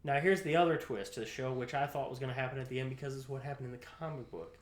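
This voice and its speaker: Guy cohosting a podcast, goes boom bing bing acting out scenes, echoey room. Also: very fast. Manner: animated, acts out scenes with sound effects and quoted voices. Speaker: podcast co-host. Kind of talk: casual chat. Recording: roomy echo.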